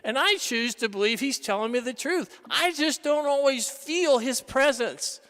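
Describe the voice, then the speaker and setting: A man preaching a sermon in a church, dramatic, swinging between loud exclamations and hushed tones. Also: very high-pitched, lively intonation, a little slow. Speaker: pastor. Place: large church. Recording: reverberant church hall.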